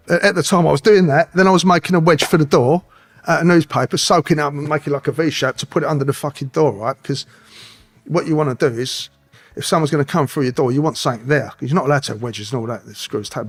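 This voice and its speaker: A man's voice: a little high, breathy edge. A middle-aged man telling a rambling, profanity-filled story as an interview guest. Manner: swearing, rambling, streetwise anecdotes. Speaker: guest, former police officer.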